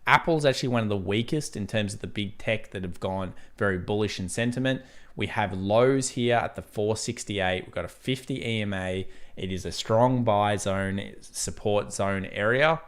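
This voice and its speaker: A man's voice: lowish voice, normal speed, clear, resonant tone. A young Australian man with an Australian accent, hosting a casual live trading stream and chatting easily as he goes through charts and viewer questions. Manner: chatty, laid-back, laughs easily while reading chat. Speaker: trading livestream host. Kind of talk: casual live market commentary.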